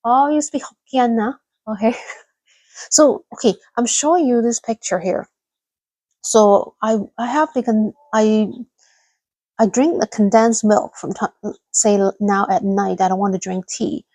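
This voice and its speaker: A woman's voice: a little high, a little slow, a little mellow, dry recording, low-quality recording. A woman hosting a casual livestream chat, rambling and laughing often as she reads out viewers' messages. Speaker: livestream host.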